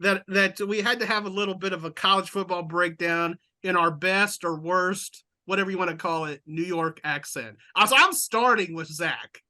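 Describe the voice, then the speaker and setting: A man's voice: high-pitched, moderate pace, hardly any pauses, pushed and bright. A man from Texas hosting a casual sports podcast, upbeat and laughing often. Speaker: podcast host.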